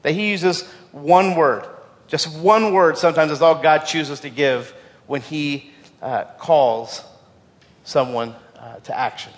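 A man's voice: a little high, slow pace, big-room sound. A man preaching a sermon as pastor, earnest, repeating key phrases for emphasis and often stumbling over repeated words.

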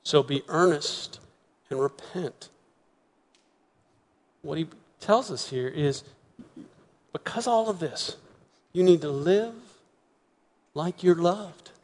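Male pastor, fairly high voice, earnest sermon delivery with repetitions and soft emphatic pauses, long church-hall reverb. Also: animated. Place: church sanctuary.

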